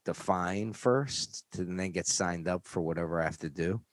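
A man's voice: low voice, normal speed, dry recording. A man from New York telling a rambling, profane story in casual chat on a close studio mic.

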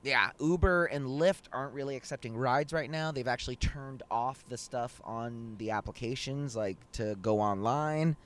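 A young man hosting a casual podcast over a video call, telling stories in an animated, slangy way and swearing a lot. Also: mid-range voice, normal speed, hardly any pauses. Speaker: podcast host. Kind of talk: casual chat.

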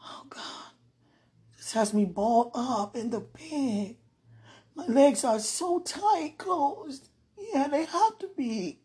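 A woman lying in bed, praying aloud in a moaning, pleading way, drifting between hushed whispers and loud protests. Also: sits high, lively intonation, slow pace. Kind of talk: emotional spoken prayer monologue.

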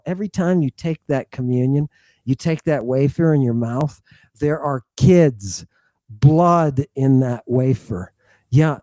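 A man's voice: on the high side, dark tone, no room sound, clean studio sound. A man speaking as a guest in a podcast interview, talking with heated conviction and checking in with a frequent "right?". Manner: impassioned, rhetorical, repeatedly adds "right?". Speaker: guest scholar.

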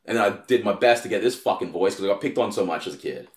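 A man's voice: on the low side, lively intonation, very fast, roomy sound. A young Australian man in casual chat, a profane, rambling storyteller. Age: young adult. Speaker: comedian and podcast host.

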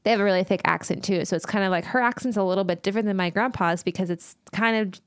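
A woman's voice: medium pitch, quick pace, clear, resonant tone, no echo, clean studio sound. A woman co-hosting a podcast in casual chat, easygoing, laughing often and wandering into tangents. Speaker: podcast co-host.

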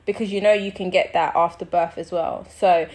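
A young woman, co-hosting a casual chat and telling a story with lively acted-out quotes and frequent laughter. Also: fairly low pitch, brisk. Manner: animated storytelling, acts out quoted people, laughs often. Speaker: podcast co-host.

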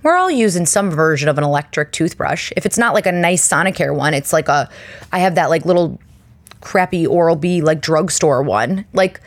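Woman podcast host rambling thru a story, kinda low voice, acts out everybody, super dry mic. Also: normal speed, no echo. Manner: chatty and animated, acts out quoted voices. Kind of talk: casual storytelling monologue.

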